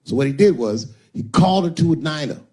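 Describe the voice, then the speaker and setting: A man's voice: a little high, expressive, brisk, darkish tone. A male stand-up comedian telling a crude, punchy story on stage.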